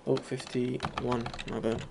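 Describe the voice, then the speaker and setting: A man's voice: mid-range voice, flat delivery, takes it slowly, creaky, heavy background noise. A man giving loose, rambling commentary over his own gameplay, full of fillers and the odd casual swear. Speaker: gaming video host.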